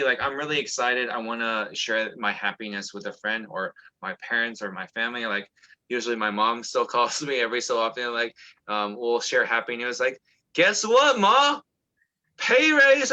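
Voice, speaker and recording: A man talking in a chatty, animated way as co-host of a casual discussion. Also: mid-range voice, fairly quick. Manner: animated, chatty, many fillers and restarts. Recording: dull lo-fi sound.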